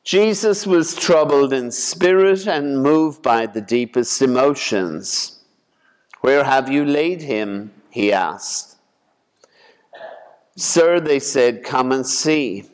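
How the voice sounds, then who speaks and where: Male priest reading scripture and preaching, unhurried and deliberate, smooth resonant tone, echoing church hall. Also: mid-range voice. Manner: slow, measured, deliberate delivery. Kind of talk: gospel reading and homily. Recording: long church reverb.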